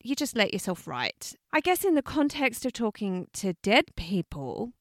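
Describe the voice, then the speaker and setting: A woman with an Australian accent, co-hosting a podcast in casual, animated chat, swearing freely and laughing often. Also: medium pitch, moderate pace, dry recording, clean studio sound. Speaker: podcast co-host.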